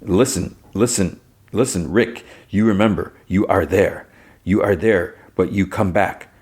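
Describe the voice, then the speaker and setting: A man's voice: deep voice, measured pace, a little mellow, slightly rough. Man doing an intense man pleading in broken English. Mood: urgent. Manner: broken English in short, repeated pleading phrases. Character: intense, urgent man coaxing someone back.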